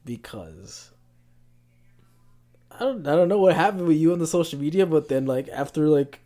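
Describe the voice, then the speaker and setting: A young man co-hosting a podcast, telling stories in casual chat with lots of restarts and an animated, rambling delivery. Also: a little high, moderate pace, crowd noise. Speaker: podcast co-host.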